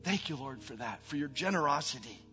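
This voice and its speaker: Man, pastor, sermon, middle-aged, slightly high voice, muffled lo-fi sound, faint background music. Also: expressive, brisk. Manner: preaching with rising emphasis, then soft prayer. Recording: long reverb, dull band, faint music.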